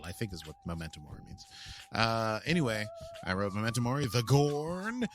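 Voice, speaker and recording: A man's voice: lowish voice, expressive, normal speed, fairly bright tone, slight background noise. An American man co-hosting a podcast in casual chat, playful and jokey. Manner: playful and jokey, slips into silly voices. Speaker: podcast co-host.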